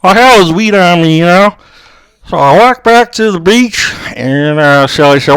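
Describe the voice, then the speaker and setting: A man's voice: high voice, expressive, moderate pace, a bit bright, clean tone, no room sound. A young man rambling through a comic story and calling everyone dude. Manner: rambling, says "dude" a lot. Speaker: co-host. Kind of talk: comedic storytelling.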